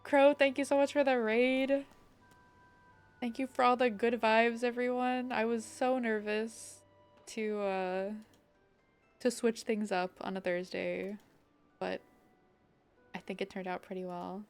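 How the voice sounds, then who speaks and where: A woman's voice: fairly high pitch, slow pace, long pauses, clean tone, faint music behind. Bubbly young woman streamer. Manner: bubbly and excitable, many likes. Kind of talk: casual live-stream game chat.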